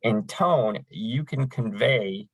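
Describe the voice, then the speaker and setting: A man's voice: medium pitch, slow pace, vocal fry, breathy edge, no room sound, poor audio. A man running a crisis line training session in a conversational, folksy way, with frequent fillers. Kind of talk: training lecture.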